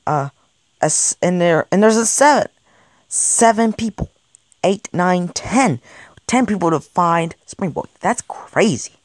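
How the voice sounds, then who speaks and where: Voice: medium pitch, lively intonation, slow, dry recording. An amateur creator narrating and voicing characters in an improvised game role-play, stammering and repeating words as they go, recorded on a close home mic. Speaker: fan show creator voicing all characters.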